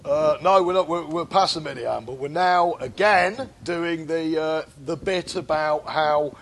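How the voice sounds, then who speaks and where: A man's voice: fairly high pitch, measured pace, fairly bright tone, slight background noise. A man co-hosting a comedy podcast, chatting casually with playful, crude asides. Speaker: podcast co-host.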